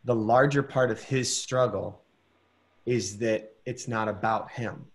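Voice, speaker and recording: A man giving a gentle, encouraging acting critique over a video call, pausing often to search for words. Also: on the low side. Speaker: masterclass teacher.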